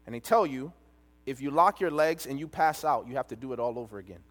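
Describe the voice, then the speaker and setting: Animated preacher telling a story, echoing hall. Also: male voice, medium pitch, quick pace. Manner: animated storyteller, quoting others in dialogue. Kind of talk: sermon storytelling. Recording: long reverb of a large hall.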